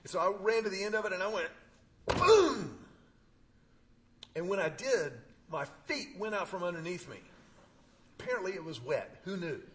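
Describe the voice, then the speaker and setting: A man preaching, telling a personal story with humor and emphatic pauses. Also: sits high, expressive, noisy background. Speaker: pastor. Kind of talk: sermon.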